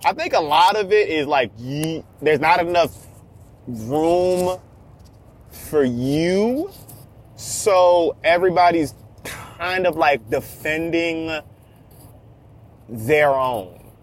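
A young man telling a story in a casual, profane, animated rant, repeating himself a lot. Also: fairly high pitch, slow pace, pauses often.

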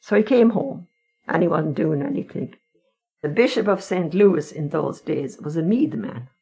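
Her voice is low, dark in tone, and animated, moving at a normal speed. She is an older Irish woman and interviewee, telling frank, wry, conversational stories of her family's past.

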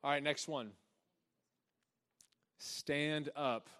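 Lively young male preacher, laughing often. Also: extremely slow. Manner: energetic, laughing, acts out quotes in soft low voice. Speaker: pastor. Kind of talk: sermon.

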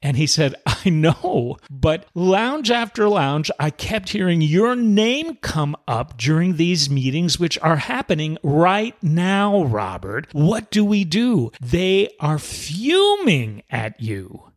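A man with a slightly high voice tells a personal story as a self-help host, with lively, swooping intonation. He acts out the quoted dialogue in an animated way. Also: takes it slowly, few pauses. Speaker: podcast host, former cruise director.

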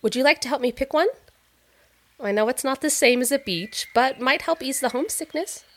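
An actress playing a gracious, sweet-natured female artist in an audio drama, effusive and gently probing. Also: high voice, fairly quick. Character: gracious warm female artist, doctor's wife.

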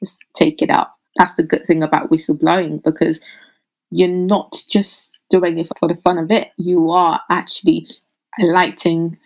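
A woman midwife answering interview questions in an earnest, thoughtful way, often pausing over her words with fillers. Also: lowish voice, flat delivery, gravelly, darkish tone, low-quality recording. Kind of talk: interview answers, casual conversation.

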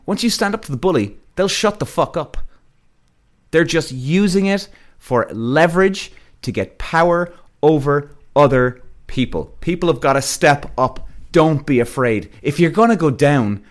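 Blunt, profane man ranting. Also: on the high side. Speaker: podcast host. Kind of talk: ranting monologue to listeners.

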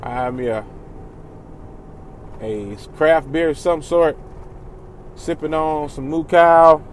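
A man's voice: fairly high pitch, fairly even intonation, slow pace, a little hiss or hum. A man vlogging candidly about his feelings, rambling, swearing, and often restarting his sentences. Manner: rambling, profane, restarts a lot. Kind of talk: candid personal vlog.

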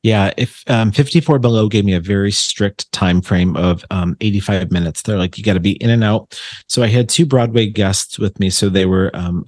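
A low-pitched man from Buffalo, New York, guesting on a podcast as a medium. He talks in long, looping anecdotes padded with fillers and false starts. The recording is close and dry. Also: darkish tone, no room sound. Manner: rambling storyteller with many fillers and restarts. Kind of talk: casual chat.

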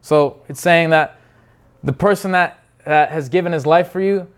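Earnest preacher man, slightly high voice. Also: moderate pace. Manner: earnest, many restarts, acts out quoted voices. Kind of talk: sermon.

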